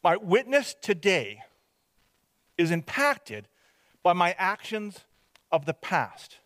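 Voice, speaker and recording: A man shares a testimony from his own life, rambling and poking fun at himself as he goes. His voice sits a touch high for a man and trips over its restarts. The recording is dry and close, with no room sound. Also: sing-song, slow, a bit bright, dry recording. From Hope, British Columbia, Canada. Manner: self-deprecating, rambling storyteller with frequent restarts. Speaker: speaker giving a testimony. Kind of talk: personal testimony storytelling.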